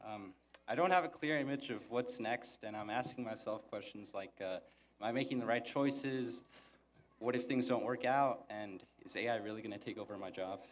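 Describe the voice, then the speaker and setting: A young man speaking from a podium as valedictorian, with a monotone delivery and deadpan, self-mocking humor. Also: fairly low pitch, normal speed, slight background noise. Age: young adult. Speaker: valedictorian giving a graduation speech. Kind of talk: graduation speech. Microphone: podium microphone.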